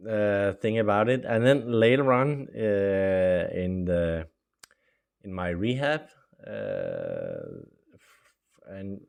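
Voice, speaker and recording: The gravelly, mid-range voice belongs to a middle-aged man whose native language is Norwegian. He chats casually through his life story, often using fillers and giving small laughs, and he plays out the dialogue he quotes.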